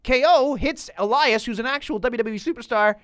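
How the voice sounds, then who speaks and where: A man's voice: extremely high pitch, a little fast, a bit bright, smooth, dry recording, clean studio sound. A man co-hosting a wrestling podcast, ranting in casual chat, swearing often and sounding exasperated. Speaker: podcast co-host.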